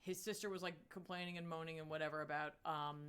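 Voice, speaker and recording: A woman co-hosting a comics podcast, casually recapping a book in a chatty, filler-heavy way with lively swings in pitch. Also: fast, clear, resonant tone.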